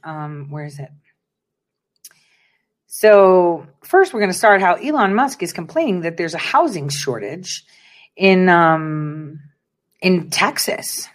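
A woman's voice: fairly low pitch, expressive, slow, pauses often. Emphatic, preachy woman commentator. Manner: emphatic and preachy, repeats phrases. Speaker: online commentary host. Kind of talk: casual political commentary.

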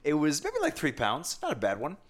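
A man telling a long fishing story in casual chat, animated and self-mocking, with many asides and restarts. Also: a little high, fairly quick.

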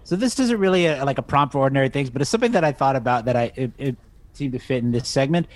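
A man's voice: medium pitch, animated, racing, dry recording. A man co-hosting a podcast, telling a story in a playful, laughing way. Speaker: podcast co-host. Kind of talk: casual anecdote.

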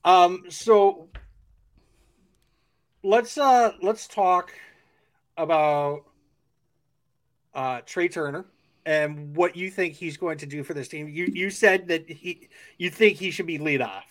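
A man's voice: on the high side, takes it slowly, pauses often. A man hosting a sports podcast, chatting casually and asking questions with lots of fillers and restarts. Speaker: podcast host.

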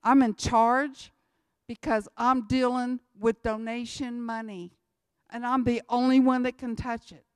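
A woman's voice: on the high side, flat delivery, a little slow, smooth, no room sound, studio quality. Emphatic woman in her sixties. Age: 60s. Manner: emphatic, repeats key lines, folksy. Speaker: missionary speaker. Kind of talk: church talk on missions.

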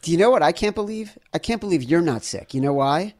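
A man's voice: a little high, expressive, fast. A man co-hosting a sports podcast, teasing his partner in an upbeat way. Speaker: podcast co-host. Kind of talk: casual sports chat.

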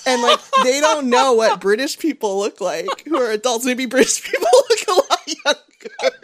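High, giggly woman co-host. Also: animated, moderate pace, slight background noise. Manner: giggly storyteller, swears. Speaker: podcast co-host. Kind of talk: casual chat.

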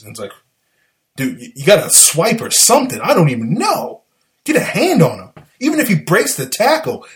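A man with a Southern US accent, hosting a casual sports talk show and breaking down football plays in an animated, exasperated, argumentative way. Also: on the high side.

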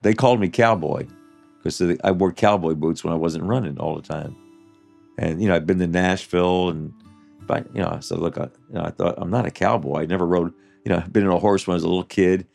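A man in his seventies telling his life story in an interview, halting and full of restarts and "you know" fillers. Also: sits low, gravelly, a little mellow, faint music behind. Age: 70s.

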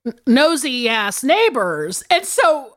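Female podcast co-host, bright higher pitch with very lively swings, casual sweary film recap. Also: slow pace. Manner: animated, swearing, big laughs.

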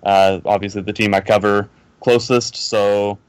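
A man's voice: fairly low pitch, flat delivery, measured pace, clean tone, no room sound. A man guesting on a casual podcast, hesitant, with many fillers and repeats.

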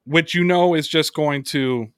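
A man hosting a sports podcast, telling stories in a casual, profane, animated way. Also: a little high, measured pace, no room sound. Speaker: podcast host.

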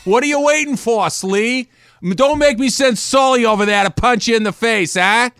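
A man playing a pushy Boston tough guy, loud and taunting. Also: normal speed, clean tone, dry recording. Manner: loud, taunting, higher-pitched bark.

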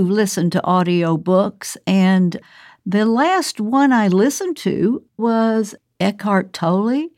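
Older woman, author, chatty with laughs, slow pace, dry recording. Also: medium pitch, a little mellow, no room sound. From American South. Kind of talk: casual recorded monologue.

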